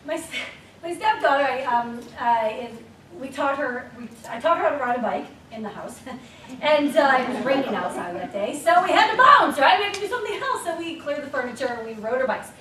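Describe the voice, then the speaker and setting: Woman, very high animated voice, motivational speaker, laughing storyteller, echoey room, distant mic. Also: fairly quick. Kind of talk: motivational talk to an audience. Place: event room with an audience.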